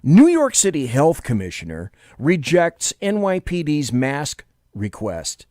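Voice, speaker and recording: A man's voice: a little high, a little slow, dry recording, clean studio sound. A man hosting a talk radio show, giving sarcastic, opinionated commentary between audio clips. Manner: sarcastic, lively, mocking.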